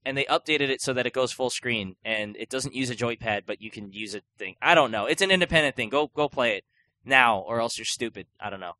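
A young man co-hosts a podcast in fairly quick, rambling casual chat, heavy on fillers and restarts. His mid-range voice has a sharp tone, and the recording is dry.

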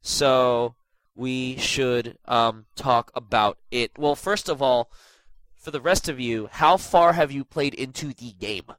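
A man's voice: medium pitch, slow pace, a bit bright, dry recording, low-quality recording. Stuffy-nosed young man hosting a chat. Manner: rambling, filler-heavy, self-deprecating. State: stuffy nose. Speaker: podcast host. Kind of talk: casual gaming podcast chat.

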